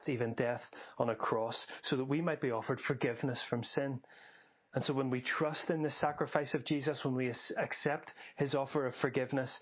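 An earnest male preacher delivering a sermon at a steady, mid-range pitch. He talks in measured phrases and slows down for emphasis. The audio is slightly dull and lo-fi. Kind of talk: sermon podcast.

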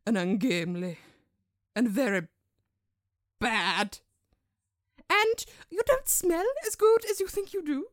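Woman voicing a scornful posh mother, slow haughty insults, dry sound. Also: a little high, dry recording.

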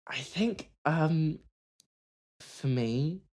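A woman's voice: low voice, expressive, drawn-out words, a little mellow. A woman guesting on a podcast, chatting casually in a rambling, giggly way with many restarts. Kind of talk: casual chat.

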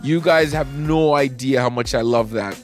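A man in his thirties hosting a podcast alone, rambling casually with lots of swearing and excitable bursts. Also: mid-range voice, normal speed, faint music behind. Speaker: podcast host. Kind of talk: casual solo podcast monologue.

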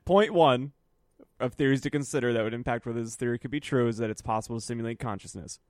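A man chatting on a podcast, animated and quick to laugh as he tells a story. His voice sits at an ordinary pitch, and the sound is dry, with little room echo. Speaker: podcast co-host. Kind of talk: casual chat.

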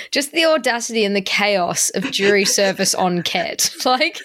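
A woman's voice: mid-range voice, measured pace, no room sound. A woman co-hosting a casual chat, reading out listener submissions and laughing often. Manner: giggly, laughs often, animated. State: sober, going through a breakup.

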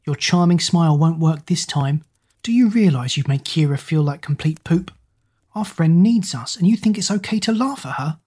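A woman's voice: sits low, expressive, normal speed, slightly rough. A fiery teen girl, as a woman narrator puts her on. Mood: scolding. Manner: sharp, scolding. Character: redheaded teenage girl, fiery and loyal.

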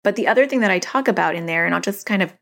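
A woman in her thirties hosts a podcast, talking casually and solo into a studio microphone. Her mid-range voice is gravelly and animated, and she speaks very fast, in a chatty, self-deprecating way.

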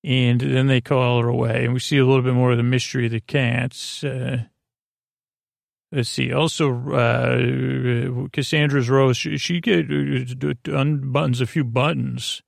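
Man, podcast host, gravelly voice, flat monotone, meandering bedtime recap, lots of fillers, dry close mic. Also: medium pitch, no room sound. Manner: meandering, halting, full of fillers. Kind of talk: rambling bedtime episode recap.

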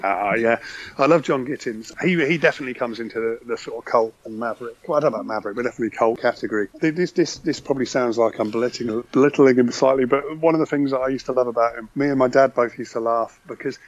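A man's voice: mid-range voice, quick pace, lo-fi sound. A man, a podcast guest, talking casually and enthusiastically about football, rambling with frequent restarts.

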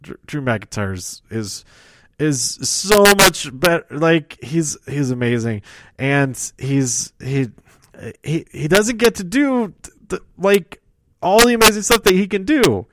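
A man's voice: on the high side, lively intonation, slow, fairly bright tone, no echo. A man casually recapping a wrestling show, rambling and correcting himself as he goes. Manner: rambling, self-correcting, chuckles at own slips.

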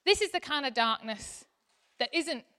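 A woman, preaching a sermon in a chatty, animated way that turns soft and earnest. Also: sits high, moderate pace.

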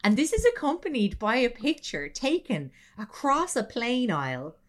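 A woman co-hosting a podcast, telling a story with lively, swearing, laughing comedic chat. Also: a little high, moderate pace. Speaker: podcast co-host.

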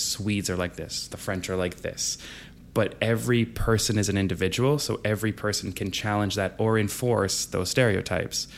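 Chatty Canadian man, low voice. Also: slight background noise. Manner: relaxed and chatty, laughs often, acts out quoted voices. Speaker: drama teacher and guest. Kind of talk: casual interview conversation.

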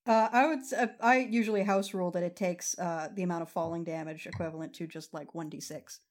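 Woman game master, casual, relaxed, uses lots of fillers. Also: lowish voice, quick pace. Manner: relaxed, laughing, many fillers. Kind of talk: running a tabletop game, casual.

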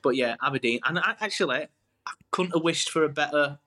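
A man, a podcast guest telling rambling, animated stories in casual chat. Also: fairly high pitch, brisk. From England. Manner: animated, rambling, self-interrupting.

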